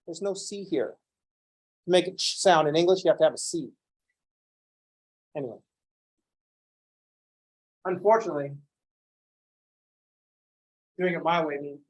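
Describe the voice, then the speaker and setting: A man teaching a calculus class who lectures in an animated, playfully ranting way. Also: fairly high pitch, moderate pace, long pauses. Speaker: calculus instructor.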